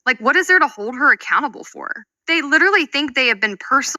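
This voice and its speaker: A woman's voice: high voice, expressive, quick pace, bright, forceful tone, no echo. A woman commentator speaking with indignant disbelief as she reads out online comments. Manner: indignant, incredulous. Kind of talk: video commentary.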